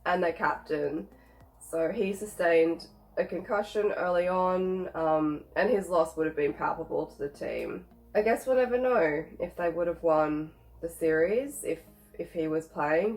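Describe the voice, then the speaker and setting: A woman speaking in a slow, measured way, her voice a little low for a woman. She is a psychologist giving a talk with the odd dry joke, and soft music plays quietly behind her. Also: low-quality recording. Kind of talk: scripted talk to camera.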